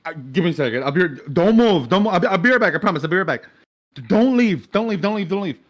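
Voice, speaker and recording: A man's voice: mid-range voice, unhurried, darkish tone, slightly rough. A man voicing a scared, drugged young man who stammers and swears in panic. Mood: panicked.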